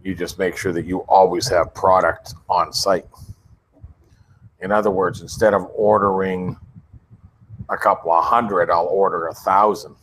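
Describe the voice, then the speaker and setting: A man's voice: low-pitched, unhurried, long pauses, a little hiss or hum. A man in casual conversation, retelling a call with a supplier and acting out both sides. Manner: animated storyteller, acts out both sides. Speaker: flat earth merchandise seller.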